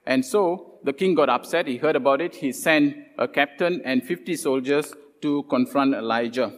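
A man preaching a sermon, retelling scripture stories with lively quoted voices and many "uh" fillers. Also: mid-range voice, moderate pace. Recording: long hall reverb.

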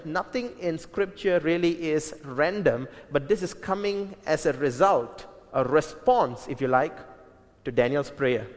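Earnest preacher man in a hall. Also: fairly high pitch. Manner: earnest, emphatic, with frequent fillers and restarts. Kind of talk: sermon Bible teaching.

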